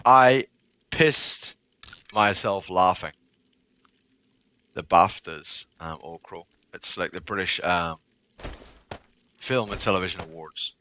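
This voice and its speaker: Bright-voiced swearing gamer man. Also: deep voice, slow, long pauses, slight background noise. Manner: profane, rambling, chatty with viewers. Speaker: livestreaming gamer. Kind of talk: casual chat while playing a game.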